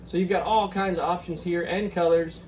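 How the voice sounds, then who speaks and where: A man's voice: high voice, fairly even intonation, normal speed, darkish tone, recorded from a distance, slight background noise, poor audio. A young man hosting a fishing channel, chatting upbeat through a walkthrough with lots of ums and uhs. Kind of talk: casual screen walkthrough.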